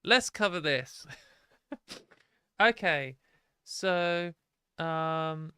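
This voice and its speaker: A woman's voice: low-pitched, animated, extremely slow, bright, forceful tone, clear, resonant tone, dry recording, studio quality. A young British woman hosting a livestream, ranting in exasperated, sweary, sarcastic commentary. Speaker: livestream host.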